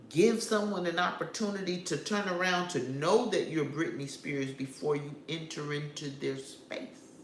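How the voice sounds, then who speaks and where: With a low, slightly bright voice, a woman vlogger speaks directly to her viewers, offering casual, opinionated takes on celebrity news. The recording has a roomy echo, faint ambience, and slight background noise.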